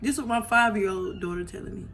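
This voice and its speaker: A woman's voice: medium pitch, fast, a bit bright, slight background noise. A woman vlogger telling her story to viewers on a phone, emotional and blunt, swearing freely and often asking "you know what I'm saying".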